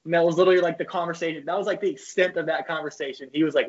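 Young man, husky voice, slightly high pitch, casual profane storyteller, dull lo-fi recording. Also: fairly even intonation, very fast, hardly any pauses. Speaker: guest, former college pitcher. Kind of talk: casual podcast chat.

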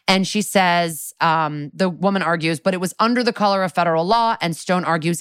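Smooth-voiced woman recapping a TV episode. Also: lowish voice, fairly quick, hardly any pauses, dry recording, clean studio sound. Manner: chatty, sarcastic recapping with quoted lines. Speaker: podcast co-host. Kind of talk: casual recap chat.

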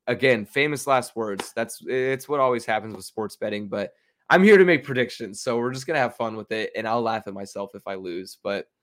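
A young man at a middle pitch talks through his football betting picks as a solo podcast host. He sounds casual and confident and pokes fun at himself. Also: fairly bright tone. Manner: chatty, confident, self-mocking.

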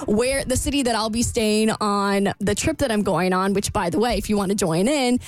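A woman's voice: medium pitch, normal speed. A woman from the United States hosting a podcast, chatty and joking, laughing often. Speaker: podcast host. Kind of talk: casual podcast chat.

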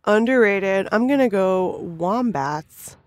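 A woman who is a guest writer on a podcast, talking in a chatty, laughing way with quick asides. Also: medium pitch, lively intonation, a little mellow, no echo. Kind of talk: casual podcast chat.

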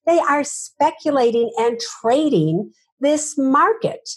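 A woman's voice: sits high, animated, slow. A woman, a finance author, giving emphatic interview answers full of rhetorical questions.

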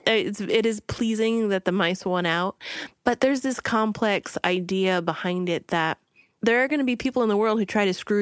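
A woman's voice: medium pitch, clear, resonant tone, dry recording. A woman co-hosting a book podcast in casual chat, retelling a story and slipping into quoted voices. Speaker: podcast co-host.

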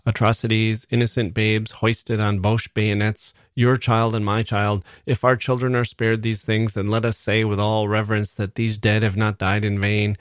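A man's voice: on the low side, little pitch movement, normal speed, hardly any pauses, no room sound, studio quality, close to an everyday voice. A man doing a pompous middle-aged war-bond speechmaker. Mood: bombastic. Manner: grandiose, declaiming slogans.

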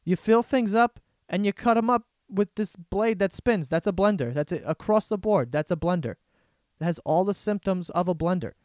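A young man hosts a casual solo podcast, talking in a profane, sarcastic rant and slipping into mocking impressions of other people. His voice sits a little high for a man. The sound is dry and close, with no room echo. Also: normal speed, darkish tone. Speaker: podcast host.

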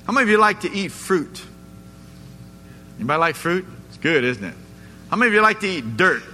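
A man's voice: high-pitched, big pitch swings, a little fast, bright, forceful tone, soft background music. A man pastor preaching a sermon in a church, emphatic and repeatedly asking the congregation questions. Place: church sanctuary. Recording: echoey church hall, faint noise.

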